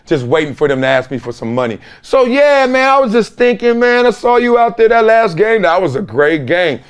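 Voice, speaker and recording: A middle-aged man hosts a sports talk show in an animated, emphatic monologue. His voice sits high and swings widely in pitch as he tells stories. He acts out the other people in those stories in quick bits of voice. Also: smooth. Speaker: host, former NFL player.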